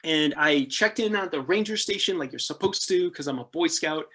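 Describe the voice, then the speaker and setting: A man in his thirties, a podcast guest casually telling adventure travel stories, laughing often and acting out the people he quotes. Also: normal speed. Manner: animated, laughing, acts out quoted people with jumps in pitch. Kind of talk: casual storytelling interview.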